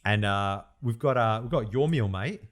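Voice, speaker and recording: A man's voice: lowish voice, normal speed. Laughing man on a podcast. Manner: laughs often, animated, says "mate" a lot. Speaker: podcast co-host. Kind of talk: casual chat.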